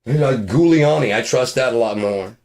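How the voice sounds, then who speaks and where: A man's voice: medium pitch, moderate pace, darkish tone. A man giving a casual, profane, rambling rant with a sarcastic edge, as host of his own show. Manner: swears constantly, rambling, sarcastic. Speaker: podcast host.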